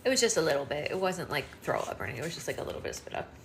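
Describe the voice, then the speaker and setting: A woman's voice: low voice, sing-song, very fast, vocal fry. Soothing woman reading aloud. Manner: soothing and gentle. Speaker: livestream book club reader. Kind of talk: live read-aloud and chat. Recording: roomy echo with faint hum.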